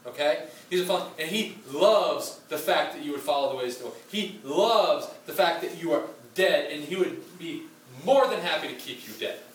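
Expressive and fairly high-pitched, this man preaches at a moderate pace with few pauses, talking like a conversation full of fillers and asides. Captured from afar in a church hall, the pastor's sermon has a roomy sound, faint ambience and a little hiss or hum.

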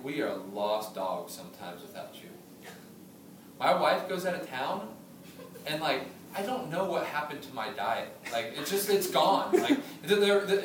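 Animated man preaching in an echoey hall. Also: mid-range voice, noisy background. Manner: conversational preaching, humorous asides, animated storytelling. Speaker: pastor. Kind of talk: sermon. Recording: echoey room from a distance.

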